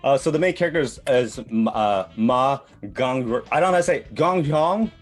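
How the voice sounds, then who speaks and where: A man's voice: medium pitch, animated, a little fast, faint music behind. A man in his thirties hosting a podcast, recapping a manga in a rambling, profane way. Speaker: podcast host presenting a manga. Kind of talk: casual chat.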